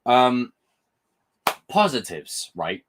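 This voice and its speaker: Brief: young man, fired-up profane reviewer, pitch swinging up and down. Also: drawn-out words, noisy background. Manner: animated, rambling, passionate and profane. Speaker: film and TV reviewer. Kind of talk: casual review vlog.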